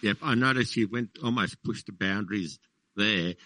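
A male radio interviewer with a somewhat low voice, recorded in a dry studio with no room sound. He puts his questions to the guest with dry, teasing humor. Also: normal speed, bright, forceful tone, dry recording, low-quality recording.

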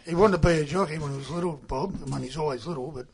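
Gravelly joking man. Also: on the high side, racing, crowd noise. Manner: joking, teasing. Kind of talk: casual chat.

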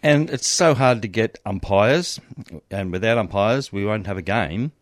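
A man's voice: on the low side, animated, a little slow, no echo, studio quality. Hesitant man quizzing his co-host. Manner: quizzing, hesitant with many ums. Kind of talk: casual sports chat.

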